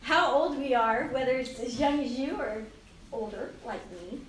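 A woman in her fifties giving a casual Christian talk to young people, chatty and animated, often laughing and acting out the voices in her head. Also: high-pitched, moderate pace, a crowd in the background. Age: 50s. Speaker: youth speaker. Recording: roomy, distant hall mic with faint ambience.

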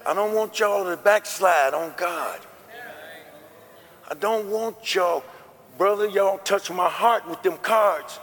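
A male preacher delivering a sermon, emphatic and full of amens, building from quiet to shouting. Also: sits high, lively intonation, unhurried, big-room sound. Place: church.

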